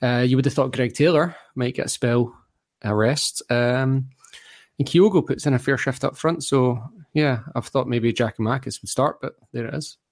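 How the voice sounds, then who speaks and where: A man's voice: mid-range voice, moderate pace, no room sound, studio quality. A man from Perth, a guest on a football podcast, talking eagerly and rambling with restarts. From Australia. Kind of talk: casual football podcast chat.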